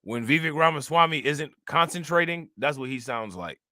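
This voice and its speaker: A man's voice: a little high, expressive, moderate pace, pushed and bright, dry recording, studio quality. A man giving casual, slangy reaction commentary on news clips, mocking and talking straight to his viewers.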